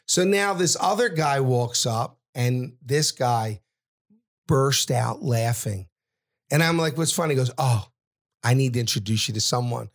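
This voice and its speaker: A middle-aged man, telling a story as a podcast guest and acting out every character in loud, brash voices. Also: mid-range voice, lively intonation, measured pace. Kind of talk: animated storytelling.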